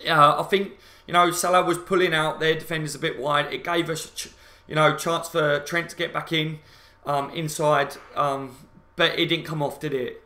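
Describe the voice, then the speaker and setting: A fired-up man rants through a live fan reaction stream, swearing and repeating himself as he talks to his viewers. His voice is bright and forceful, sitting a little high. The room around him is echoey. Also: flat delivery, moderate pace. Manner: angry, sweary, repetitive ranting; addresses viewers as guys, reads out chat comments. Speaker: football fan channel host.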